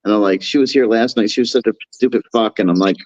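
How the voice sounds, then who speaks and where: A man telling a rambling, profane story on a podcast, acting out quotes in a higher voice. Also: fast talker, a little mellow. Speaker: podcast co-host. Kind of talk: casual storytelling chat. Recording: dull lo-fi sound.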